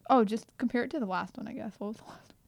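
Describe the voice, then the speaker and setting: A woman co-hosts a podcast in easy, joking chat. Her fairly high voice carries a gravelly edge. She giggles often, and the sound is dry and close. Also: racing, dry recording. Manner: playful and giggly. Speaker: podcast co-host. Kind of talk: casual chat.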